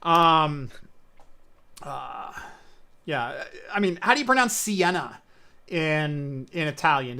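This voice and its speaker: A man's voice: a little high, expressive, slow, long pauses, pushed and bright. A man hosting a casual tech podcast, rambling and joking as he plugs the show. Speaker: podcast host.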